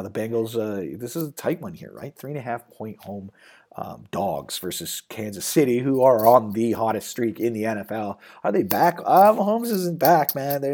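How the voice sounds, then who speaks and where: A man's voice: mid-range voice, darkish tone. A man hosting a sports betting show, talking loosely and rambling with lots of fillers and restarts. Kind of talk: casual sports betting talk.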